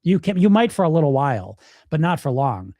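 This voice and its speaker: A man's voice: fairly high pitch, big pitch swings, a little fast, warm tone, no echo. A middle-aged man coaching viewers on weight loss in a casual live Q&A, blunt and emphatic, swearing freely.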